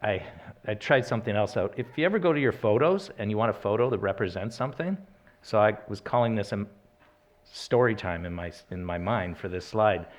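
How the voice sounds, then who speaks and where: A man's voice: fairly low pitch, lively intonation, fairly quick. A man giving a church sermon in a conversational way, telling personal stories and reading scripture, with restarts and corrections. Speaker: church speaker.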